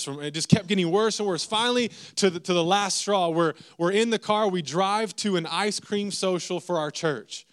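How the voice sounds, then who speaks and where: A man, preaching a sermon as a lively, self-mocking story with asides to the congregation. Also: fairly high pitch, clean tone.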